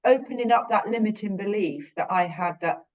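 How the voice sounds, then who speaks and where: A woman's voice: medium pitch, moderate pace, muffled recording. A British woman on a podcast, reflectively telling a personal story in a rambling, earnest way that often corrects itself. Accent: British English. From Britain.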